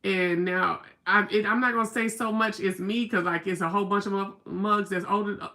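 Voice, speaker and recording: Woman, Southern accent, livestream host, casual chat, reads comments aloud, bright tone. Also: medium pitch, steady tone, a little fast. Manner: chatty, reads viewer comments aloud, storytelling.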